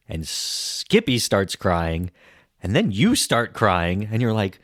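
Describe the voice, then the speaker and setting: A man co-hosting a podcast, casually retelling a film's scenes in an expressive way. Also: fairly low pitch, a little slow, dry recording, studio quality. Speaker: podcast co-host. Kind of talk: casual film review chat.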